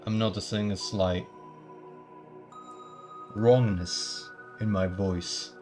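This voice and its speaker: A man's voice: fairly low pitch, a little mellow. A man chatting casually at the start of a live stream, rambling with many stumbling restarts and playful mock-formal asides.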